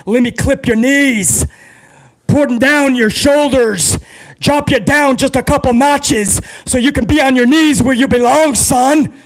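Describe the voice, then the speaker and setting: A man's voice: very high-pitched, pitched above the performer's own voice. A man impersonating a tough, foul-mouthed male wrestler, brash and mocking, barking questions back at his rival.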